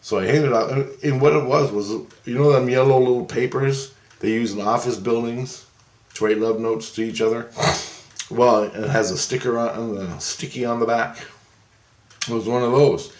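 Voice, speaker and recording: A man's voice: medium pitch, fairly even intonation, normal speed, darkish tone, echoey room. A man rambling through a personal story in a casual monologue, restarting and repeating himself. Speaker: vlogger.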